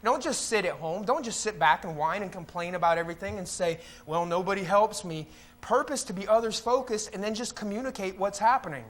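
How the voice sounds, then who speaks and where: High-voiced pastor preaching. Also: male voice, quick pace, hardly any pauses. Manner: conversational preaching, mocking voices of complainers. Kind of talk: sermon. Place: church sanctuary.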